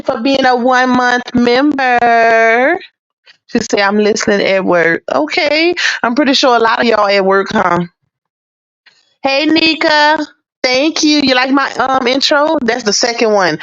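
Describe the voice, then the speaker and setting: A woman's voice: a little high, fairly bright tone, no echo. A woman hosting a casual livestream, greeting viewers by name in a chatty, laughing way, a little under the weather. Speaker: livestream host. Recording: dull lo-fi stream audio.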